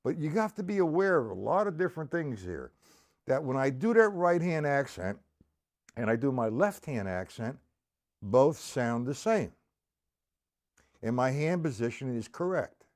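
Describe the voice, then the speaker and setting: A man's voice: mid-range voice, sing-song, normal speed. A middle-aged man teaching a live-streamed drum lesson, patiently explaining and counting aloud as he plays.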